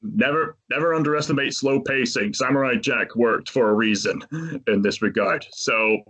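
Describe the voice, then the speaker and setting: A man's voice: mid-range voice, moderate pace, fairly bright tone. Male podcast host retelling a plot, easygoing and chatty, plain mid-range voice. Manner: chatty, laughs often while retelling scenes. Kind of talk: casual movie recap.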